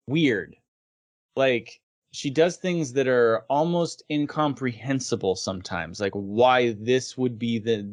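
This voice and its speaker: A man co-hosting an anime podcast, retelling scenes with amused laughs and quick quoted lines. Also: mid-range voice. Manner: animated storytelling, acts out scenes and laughs often. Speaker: podcast co-host. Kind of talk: casual chat about anime.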